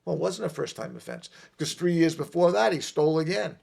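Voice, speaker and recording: A middle-aged man telling a long personal story on a podcast, emphatic and animated, repeating his points. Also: on the high side, fairly quick, creaky. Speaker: podcast guest. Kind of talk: casual storytelling.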